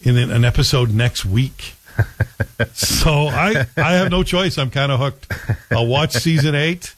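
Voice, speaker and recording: A man's voice: mid-range voice, unhurried, low-quality recording. A man casually chatting as a co-host, rambling and opinionated while reviewing a TV series. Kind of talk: casual chat.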